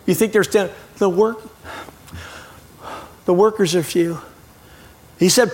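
Middle-aged guest preacher, high tenor voice, jokey, with apologetic asides. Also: male voice, unhurried, pauses often. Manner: lively and joking, with frequent apologetic asides. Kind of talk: sermon.

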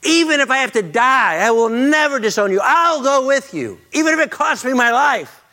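A man's voice: very high-pitched, very animated, normal speed, bright, forceful tone, pitched above the performer's own voice, full character voice. A man voicing a boastful young male disciple who makes a fervent vow, as part of a sermon retelling.

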